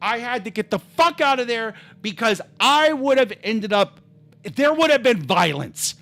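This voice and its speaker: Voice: medium pitch, very animated, a little slow, a bit bright. A livestreamer telling a rambling, heated story in casual chat, swearing freely and talking over their own restarts.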